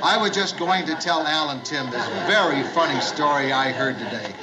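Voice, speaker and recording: Man playing a gruff middle-aged boss, overeager cheer, highish voice, hissy old tv sound. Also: animated, normal speed, over a noisy crowd, close to an everyday voice. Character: gruff middle-aged male boss turned eager bar host. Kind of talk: 1970s studio sitcom acting.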